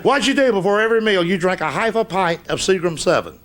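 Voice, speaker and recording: A man's voice: high voice, quick pace. A man telling stand-up stories in a folksy, cussing drawl, on a stage before a live audience. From Southern United States. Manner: folksy drawl, cussing punchlines, lively delivery. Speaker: stand-up comedian. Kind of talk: stand-up storytelling. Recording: noisy live stage recording.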